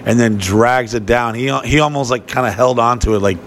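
Guy rambling through a sweary story on a podcast, normal pitch, little hiss behind. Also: fairly quick. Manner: profane storytelling, animated and rambling. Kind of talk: casual podcast chat.

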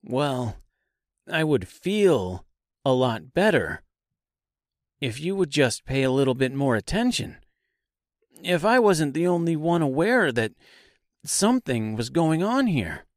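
A touchy straw scarecrow from an audiobook, snappish and insulted, his voice lifting a little as he complains, played by a male narrator. The read is slow and dry, close to the microphone. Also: on the high side, sing-song, no echo, voice pushed up. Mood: annoyed snap.

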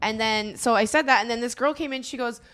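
A woman's voice: a little high, fast, a bit bright. Chatty, laughing female podcast host. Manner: chatty, laughs easily, trailing restarts. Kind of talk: casual chat, storytelling.

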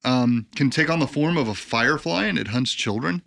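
A man at an ordinary, mid-height pitch, co-hosting a relaxed talk show. He reads from his notes in a loose way, stumbles over hard words and slips in jokes. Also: fairly quick, gravelly. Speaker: podcast co-host. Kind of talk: casual chat.

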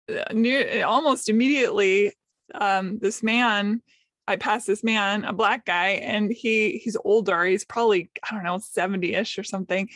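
A woman's voice: mid-range voice, fairly bright tone, no echo, clean studio sound. A woman, a podcaster and guest, telling an emotional personal story in conversation, self-deprecating and openly emotional. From United States. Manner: emotional, self-deprecating, quotes others in light voices.

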